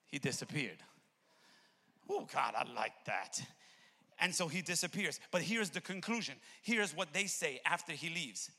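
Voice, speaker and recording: A man preaching a sermon in a church, swinging between loud shouted peaks and low intimate asides, with a gravelly voice. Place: church sanctuary. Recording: long reverb of a church hall.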